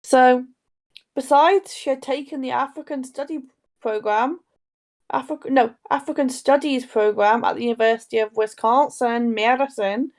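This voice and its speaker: Creaky-voiced woman podcaster. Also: sits high, moderate pace, a little mellow. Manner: rambling, self-interrupting storyteller. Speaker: podcast co-host. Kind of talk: casual true crime podcast chat.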